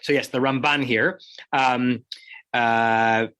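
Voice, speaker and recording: A man's voice: medium pitch, steady tone, takes it slowly, a bit bright, clear, resonant tone, no echo. A man, a rabbi, leading an online study class, explaining thoughtfully with fillers and restarts. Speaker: rabbi teaching a text class. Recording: dry video call audio.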